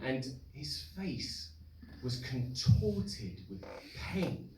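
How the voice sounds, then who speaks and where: A young man telling a true story live on stage, animated, acting out the voices of the people in it. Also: mid-range voice, takes it slowly, few pauses. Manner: animated, acts out voices in quotes. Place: live event hall with audience. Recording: roomy live hall, distant mic, noisy.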